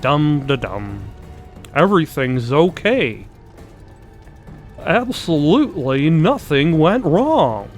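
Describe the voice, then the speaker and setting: A man voicing a dopey, cheerful male cartoon dog in a slow, high drawl. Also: very animated, faint music behind. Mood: oblivious. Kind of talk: cartoon voice impression.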